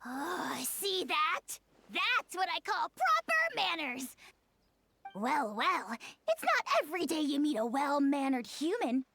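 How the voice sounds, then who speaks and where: A tiny, pompous dragon lord. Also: female voice, sits high, big pitch swings, slow, noisy background, exaggerated voice. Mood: haughty. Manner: grandiose, self-important.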